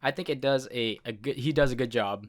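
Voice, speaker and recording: A man's voice: medium pitch, brisk. A man co-hosting a podcast in casual chat, rambling and correcting himself, laughing often. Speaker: podcast co-host.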